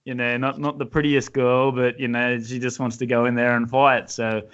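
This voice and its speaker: A man's voice: mid-range voice, flat delivery, moderate pace, a bit bright, lo-fi sound. A man from Australia with an Australian accent, hosting a casual podcast interview and laughing often. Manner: laughs often, easygoing, chatty. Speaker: podcast host.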